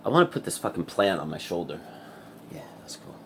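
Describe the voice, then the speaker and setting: A man with a very deep, low voice talks to camera in a loose, rambling vlog. He sounds wired and full of restless energy, swears constantly and keeps breaking into laughs. A faint hiss sits under his voice. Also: sing-song, a little fast. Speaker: vlogger.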